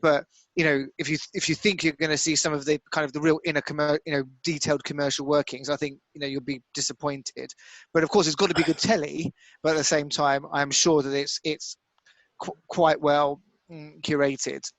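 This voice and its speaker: A man's voice: on the high side, little pitch movement, brisk, a bit bright, dry recording, poor audio. A man chatting casually on a football podcast, hesitant, with frequent restarts. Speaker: podcast co-host. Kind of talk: casual chat.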